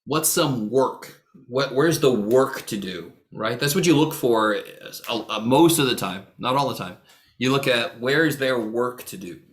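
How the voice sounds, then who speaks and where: A man's voice: medium pitch, a little slow. Joking, blunt-talking male math teacher. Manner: joking, blunt, swears freely; teasing students by name. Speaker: math instructor. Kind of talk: casual online lecture. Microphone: video call.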